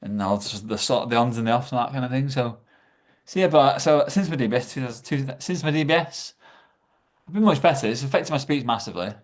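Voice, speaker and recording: A middle-aged man, a podcast guest talking casually, often halting and repeating words. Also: medium pitch, animated. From England. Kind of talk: casual chat.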